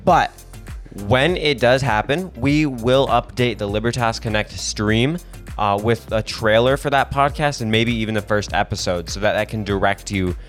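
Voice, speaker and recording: A man's voice: on the low side, normal speed, a bit bright, soft background music. A young man in his late teens co-hosting a casual podcast, chatty and upbeat, with frequent "uh" fillers. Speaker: podcast co-host. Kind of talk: casual chat.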